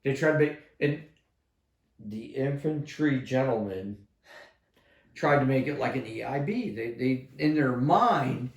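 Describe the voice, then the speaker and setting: An older man spins army stories with nonstop cursing, bursting into shouted quotes as he acts out the scene. His voice sits at an ordinary middle pitch. The sound bounces around a roomy, echoey space. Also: a little slow. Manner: profane, animated storyteller acting out shouts. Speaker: retired army sergeant major telling war stories. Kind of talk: casual storytelling with heavy swearing. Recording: echoey room.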